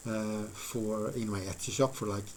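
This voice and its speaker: A man's voice: lowish voice, fairly even intonation, normal speed, a little hiss or hum, poor audio. Rambling man chatting on a craft stream. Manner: rambling, filler-heavy, thinks aloud and chats to viewers. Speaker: live-streaming model maker. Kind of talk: casual live-stream chat while crafting.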